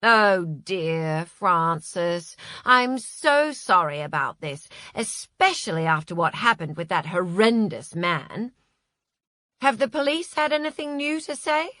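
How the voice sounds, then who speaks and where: Woman playing a fussy apologetic man agent, gushing, slow and sorta bright. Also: mid-range voice, expressive, no room sound, studio quality. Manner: gushing, hurried, self-reproaching. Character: flustered apologetic male literary agent.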